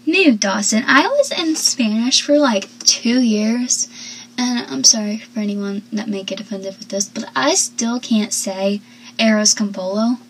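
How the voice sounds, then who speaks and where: A woman's voice: on the high side, unhurried, a bit bright, a little hiss or hum, rough recording. A young woman casually recapping a TV episode, rambling, talkative and full of asides.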